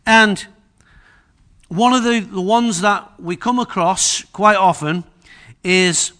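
A man's voice: sits high, slow, pushed and bright. A man preaching a sermon in a humorous, chatty way, often asking the congregation questions.

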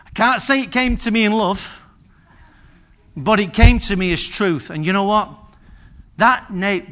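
An older man preaching a sermon in a church, telling stories and asking the congregation questions. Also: high voice. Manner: lively, storytelling, asks the congregation questions.

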